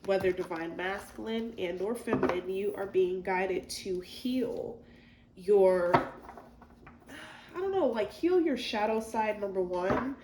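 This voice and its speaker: A woman's voice: medium pitch, animated, slow. A woman giving a casual tarot reading, chatty and rambling, with many fillers and asides. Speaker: tarot reader. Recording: echoey room with faint noise.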